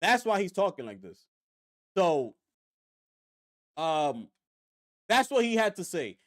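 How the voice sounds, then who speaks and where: A man's voice: high voice, takes it slowly. A man hosting a gaming news livestream, talking casually and straight to viewers, repeating himself for emphasis. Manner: animated, repetitive, talks straight to viewers.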